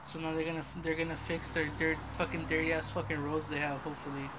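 A young man co-hosting a podcast in casual chat, loud and profane, laughing often. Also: fairly high pitch, little pitch movement, quick pace, noisy background. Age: young adult. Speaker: podcast co-host.

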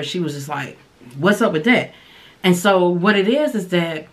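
A woman hosting a podcast, giving casual, candid dating advice and sharing her own experience in a relaxed, colloquial way. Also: sits low. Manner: relaxed colloquial delivery with frequent fillers. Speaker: podcast host and dating coach.

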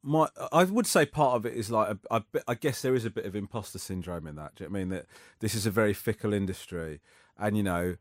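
A man's voice: lowish voice, lively intonation, fast, dry recording, clean studio sound. A man, chatting as a comedian guest in a rambling, self-mocking way, often laughing. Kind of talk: casual interview chat.

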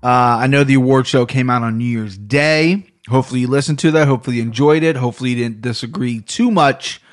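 A man from Ohio with an Ohio accent, hosting a solo sports podcast in loose, rambling, profane casual talk, a bit low on energy. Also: fast, faint music behind. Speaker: podcast host. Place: home room.

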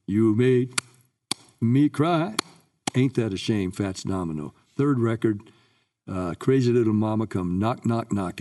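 Older male guest raconteur, lowish mellow voice, a bit off-mic. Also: distant mic. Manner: lively recounting, acts out quoted voices. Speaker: guest singer. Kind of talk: anecdotal interview storytelling.

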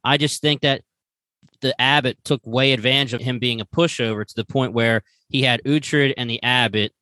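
A man hosting a casual podcast, laid-back and quick to laugh, acting out lines from the show as he talks. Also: mid-range voice, steady tone, sharp tone, dry recording. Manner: laid-back, laughs easily, acts out quotes. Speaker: podcast host. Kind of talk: casual chat reviewing a TV series.

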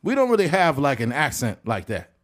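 A man's voice: mid-range voice, wildly swooping pitch, a little fast. A man from California co-hosting a podcast, chatting casually with slang and playful jokes. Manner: joking, slangy, trades playful put-on voices. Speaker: podcast co-host. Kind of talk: casual chat.

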